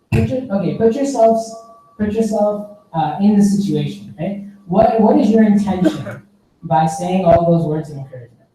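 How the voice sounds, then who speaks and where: A man's voice: sits high, dark tone. Young man preaching in an echoey hall. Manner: conversational, storytelling, frequent "right?". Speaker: khutba speaker. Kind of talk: sermon. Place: mosque prayer hall. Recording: echoey hall, distant mic.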